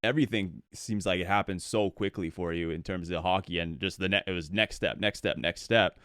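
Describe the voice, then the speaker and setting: Laid-back podcast host, low voice. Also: male voice, brisk, smooth, dry recording, clean studio sound. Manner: relaxed, laughs often, rambling questions. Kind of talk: casual interview questions.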